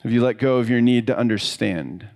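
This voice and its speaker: A middle-aged man giving a sermon in a relaxed, conversational way, telling stories about himself and letting his voice drop softly at the ends of thoughts. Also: medium pitch, creaky. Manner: conversational, self-deprecating storytelling with soft, trailing pauses. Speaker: pastor.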